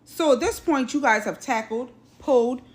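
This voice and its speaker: A woman's voice: high-pitched, normal speed. A woman hosting a social video, retelling a news story in urgent, clipped phrases. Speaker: host.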